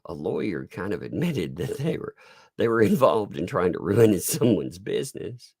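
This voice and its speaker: A middle-aged man hosting a live-stream commentary, sarcastic and quick to laugh and swear, his voice congested from sinus trouble. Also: on the low side, sing-song, vocal fry, darkish tone, slightly rough, no echo, studio quality. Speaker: online commentary host.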